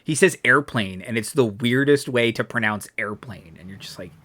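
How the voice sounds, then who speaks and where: A man's voice: mid-range voice, moderate pace, sharp tone. A man running a tabletop game as game master, chatting casually and laughing at his own accents. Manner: laughing, self-mocking about his accents.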